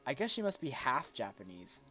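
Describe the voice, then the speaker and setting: A man's voice: medium pitch, huge pitch swings, brisk, bright, forceful tone, faint music behind. A man streaming a visual novel, reading its narration aloud with small slips and restarts. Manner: reads aloud with small slips, jokes with a friend.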